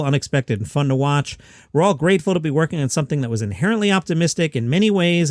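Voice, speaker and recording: A man's voice: fairly high pitch, darkish tone, dry recording, studio quality. Chatty man hosting a comedy podcast. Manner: quick, chatty and self-mocking. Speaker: comedy news podcast host. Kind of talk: casual comedy news commentary.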